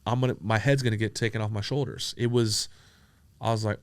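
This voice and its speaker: A man's voice: on the low side, a little fast, no room sound. Profane, storytelling man, dry close mic. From San Diego, USA. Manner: profane, animated, acts out quoted dialogue. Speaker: entrepreneur guest. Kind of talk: casual storytelling interview.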